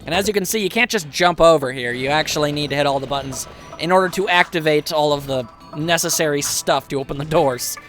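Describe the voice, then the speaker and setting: A man's voice: a little high, a little fast, fairly bright tone, soft background music. A man casually commentating a video game as he plays, chatty and wry, with self-mocking asides. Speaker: gameplay commentator. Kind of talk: casual let's play commentary.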